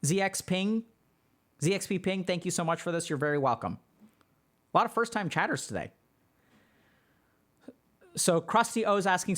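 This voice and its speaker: Man, streamer host, relaxed chatty explainer with fillers, slightly higher-pitched voice. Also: unhurried, long pauses. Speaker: streamer answering chat. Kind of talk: casual livestream talk.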